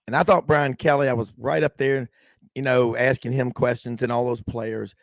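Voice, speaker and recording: A man's voice: medium pitch, normal speed, creaky, no room sound. A man hosting sports radio in casual talk, jumping in eagerly and repeating words as he starts.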